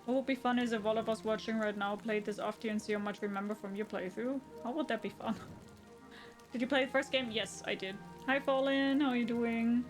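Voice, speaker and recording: A woman's voice: fairly high pitch, fairly even intonation, fairly quick, faint music behind. A woman with a German accent chatting casually while streaming a game, thinking aloud and answering her chat. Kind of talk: casual gaming livestream chat.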